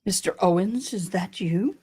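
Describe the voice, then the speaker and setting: A middle-aged woman with a Southern accent hosts a casual livestream. She talks in an unhurried, drawn-out way and reads viewer comments aloud between stretches of chat. Her pitch sits in the middle of the usual range for a woman. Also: mellow, breathy edge. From Tennessee, US. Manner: slow, chatty, reading out viewer comments. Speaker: livestream host.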